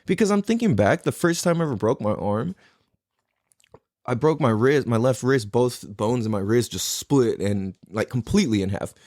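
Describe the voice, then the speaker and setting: A man's voice: mid-range voice, animated, normal speed, a little mellow, no echo, studio quality. A man in his thirties hosting a podcast, telling stories casually, rambling, swearing often and losing his thread. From California. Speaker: podcast host. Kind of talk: casual storytelling.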